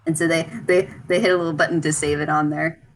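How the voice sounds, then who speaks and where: A woman's voice: low voice, level tone, fast, slight background noise, poor audio. A woman playing in a tabletop role-play game, describing her character's actions in a casual, giggly, hesitant way with many restarts.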